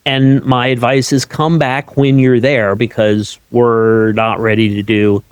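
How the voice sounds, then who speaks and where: A man's voice: medium pitch, flat delivery, a little slow, clear, resonant tone, no room sound. A man hosting a podcast interview in a casual, encouraging way, often repeating words as he goes. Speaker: podcast host.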